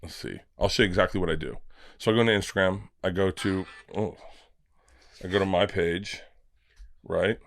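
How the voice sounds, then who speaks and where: A man who is a comedian guest on a podcast, telling stories in a casual, animated way, acting out the voices in his stories and swearing freely. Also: low-pitched, normal speed, pauses often, a little hiss or hum. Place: podcast studio.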